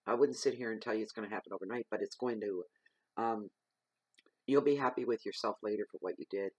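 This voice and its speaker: Husky and quick, a fairly low-voiced man delivers an earnest weekly tarot monologue, driving his points home through repetition and emphatic advice and coughing once. The sound is close and dry, with no room audible.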